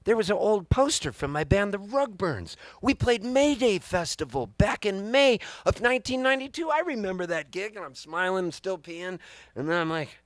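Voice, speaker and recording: A man in his fifties telling a long comic story live on stage, animated and rambling with wry timing. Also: high voice, moderate pace, no echo, studio quality. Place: live music venue on stage.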